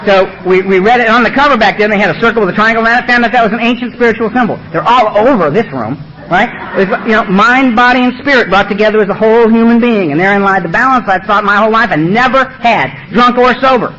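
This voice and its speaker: Fast-talking, blunt, high-voiced man. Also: sharp tone. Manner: blunt, streetwise and emphatic. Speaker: recovery meeting speaker. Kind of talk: personal testimony talk. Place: meeting room. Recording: dull lo-fi recording.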